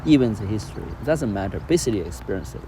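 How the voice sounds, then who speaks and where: A man teaching spiritual ideas in casual conversation, animated and laughing often, with non-native grammar. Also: fairly low pitch, racing, slight background noise. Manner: animated, acts out quoted voices, laughs often.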